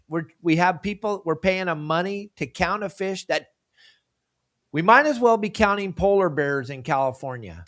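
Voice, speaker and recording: A man's voice: high-pitched, lively intonation, moderate pace, a bit bright. A man hosting a fishing podcast, ranting with heated, emphatic passion.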